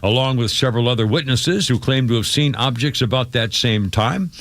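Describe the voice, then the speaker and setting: A man's voice: mid-range voice, brisk, gravelly, a bit bright, no echo. A man hosting a radio talk show, chatting casually with callers and a co-host, with frequent restarts and laughter.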